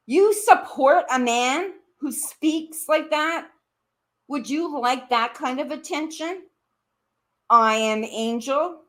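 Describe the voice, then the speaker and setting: A woman's voice: high-pitched, a bit bright. A woman ranting on a live stream, confronting someone directly, repeating her demands and swearing as her voice jumps up in anger. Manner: confrontational, accusing, repeating questions; swearing, voice jumps up when angry. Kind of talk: heated live-stream rant.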